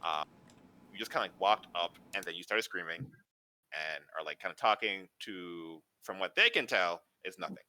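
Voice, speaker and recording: A man's voice: low voice, animated, moderate pace, sharp tone. A man narrating as game master of a tabletop game, in a loose, casual way with many fillers.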